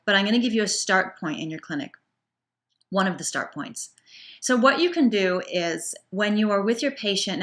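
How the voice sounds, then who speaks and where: A woman teaching acupuncture students in a relaxed, chatty lecture, often restarting her sentences. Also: fairly low pitch. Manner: chatty, warm, self-correcting with frequent restarts and small laughs. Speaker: acupuncture instructor.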